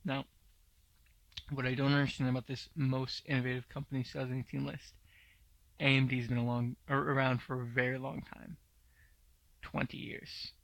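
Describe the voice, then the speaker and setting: A man's voice: mid-range voice, level tone, normal speed, gravelly, long pauses, a bit bright, no room sound. A man hosting a tech news podcast, giving blunt, opinionated commentary with many fillers. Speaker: podcast host.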